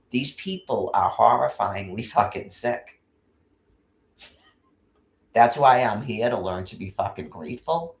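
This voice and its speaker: A man's voice: fairly low pitch, lively intonation, measured pace, creaky, long pauses. Angry, swearing man in an echoey room. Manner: angry, profane, rambling with restarts. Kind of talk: casual rant. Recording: roomy echo.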